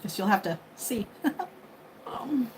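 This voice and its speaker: A woman in her fifties hosts a casual livestream, chatting with viewers and thanking them by name. Her medium-pitched voice has lively intonation and an unhurried pace. The recording is rough, with faint background noise.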